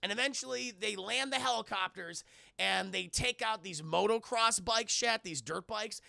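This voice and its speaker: A man giving a casual spoiler review of a film to his live stream chat, talking in an animated, profane way and laughing often. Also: sits high, normal speed, vocal fry, dry recording, clean studio sound.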